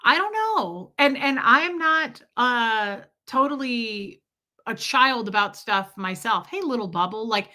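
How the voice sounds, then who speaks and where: A woman's voice: a little high, animated, unhurried, pushed and bright. A woman hosting a casual live stream, rambling through a personal story and greeting viewers by name as their chat comes in. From lives in Tennessee.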